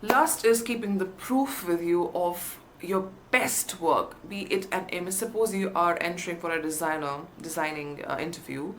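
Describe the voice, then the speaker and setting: A woman's voice: on the low side, moderate pace, few pauses, a bit bright, slight background noise. A woman coaching viewers on job interviews in an emphatic, encouraging way. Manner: emphatic, stresses key words, upbeat encouragement. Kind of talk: teaching to camera.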